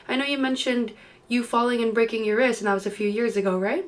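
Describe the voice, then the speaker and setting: Talking fast with fairly even intonation, a young Australian woman chats and jokes with her viewers in a casual late-night study vlog from home. She sounds tired, and her voice sits on the high side.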